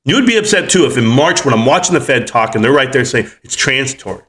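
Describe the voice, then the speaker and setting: A man's voice: medium pitch, very animated, quick pace, fairly bright tone. Heated, cussing man in his forties. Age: 40s. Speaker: livestream host. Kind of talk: ranting livestream commentary.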